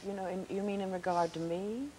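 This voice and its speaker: A woman guest on a talk show, telling animated stories about stage work and laughing often. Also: mid-range voice, fairly quick, low-quality recording. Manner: animated storytelling with frequent laughs. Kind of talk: casual chat. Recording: faint hiss on old TV audio.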